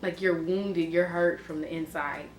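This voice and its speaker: A young woman with a fairly low voice talks through her feelings in a confessional vlog. She rambles and restarts her sentences often. The sound is echoey, with a faint hiss behind her. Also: fairly even intonation. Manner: halting, rambling, many restarts and fillers. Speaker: vlogger.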